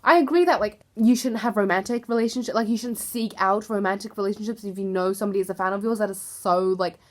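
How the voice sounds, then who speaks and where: A woman's voice: medium pitch, fast. A young woman YouTuber gossiping casually to camera, chatty and filler-heavy, with exasperated asides.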